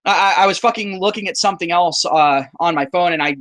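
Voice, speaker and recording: A man's voice: high voice, fast talker, a bit bright. A man from the southern United States hosting a casual livestream chat over a call, joking and profane, with lots of stammered restarts. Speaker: YouTuber. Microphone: call microphone.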